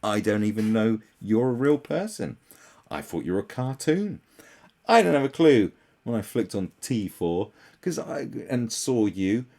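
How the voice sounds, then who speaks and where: This young commentary host rants sarcastically in a darkish tone, swearing often. He mocks others by putting on shrill voices.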